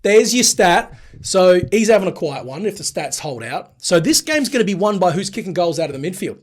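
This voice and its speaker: An Australian man co-hosting a casual sports chat. His voice sits a little high for a man, and he talks in an animated, joking way, often restarting his sentences. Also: brisk. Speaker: podcast co-host.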